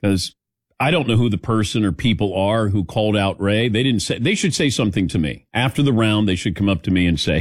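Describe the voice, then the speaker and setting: A man hosting a sports talk show, telling stories in a rambling, animated way and acting out what others said. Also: fairly low pitch, brisk, slightly rough, no echo, clean studio sound. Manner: rambling, animated storytelling with mimicked quotes. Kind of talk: casual sports talk chat.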